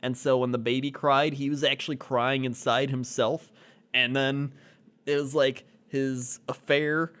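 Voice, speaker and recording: Man, mid-pitched voice, rambling, filler-heavy, casual podcast chat. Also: little pitch movement, unhurried, fairly bright tone, smooth. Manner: rambling storyteller, filler-heavy, laughs easily. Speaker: podcast co-host.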